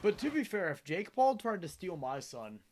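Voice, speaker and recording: Animated, rambling man streamer. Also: sits high, moderate pace. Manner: rambling, animated, laughs often. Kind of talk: casual live-stream chat with viewers. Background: game music.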